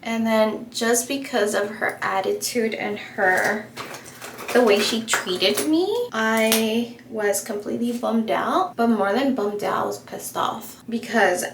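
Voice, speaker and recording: A young woman vlogging while she does her makeup, telling a story in a chatty, animated way full of fillers. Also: on the high side, slow pace. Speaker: beauty vlogger. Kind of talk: casual get-ready-with-me storytelling. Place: home room while doing makeup. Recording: echoey room with faint ambient noise.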